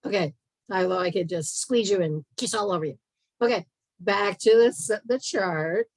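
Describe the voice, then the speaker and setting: A woman with a low, unhurried voice talks casually through a nutrition chart, breaking off for quick asides and filling gaps with ums. The sound is close and dry, with no room echo. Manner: chatty, self-interrupting, with fillers and asides. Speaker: podcast host and health practitioner. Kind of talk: casual presentation over screen share.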